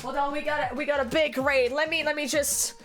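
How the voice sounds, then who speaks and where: A young French woman with a French accent, chatting casually on a live stream as an artist, animated and freely swearing as she greets her chat by name. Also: high voice, fairly quick, soft background music. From France.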